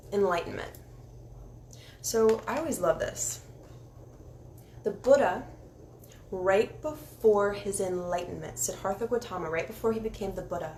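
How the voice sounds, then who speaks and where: A woman giving a casual spiritual oracle card reading, candid and encouraging, sometimes dropping into soft meditation guidance. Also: medium pitch. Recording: echoey room with faint ambient noise.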